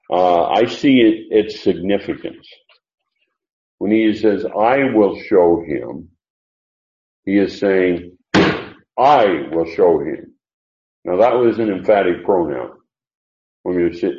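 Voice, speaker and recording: Pastor guy teaching bible verse by verse, lowish voice, lots of uh's, echoey kinda muffled recording. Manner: slow, deliberate, stresses quoted words with rising pitch; frequent uh fillers and self-corrections.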